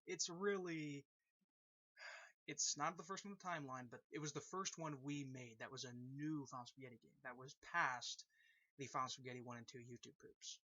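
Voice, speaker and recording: Rambling man with a bright, dull lo-fi voice. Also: fairly high pitch, no echo. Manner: rambling, full of fillers and repeated phrases. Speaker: channel host explaining a fan-made story. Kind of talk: casual rambling explanation. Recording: dull lo-fi recording.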